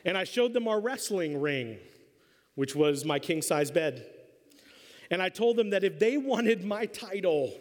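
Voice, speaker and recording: A man's voice: sits high, lively intonation, measured pace. A middle-aged man preaching a sermon as a pastor, telling a funny story and acting out the voices. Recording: long hall reverb.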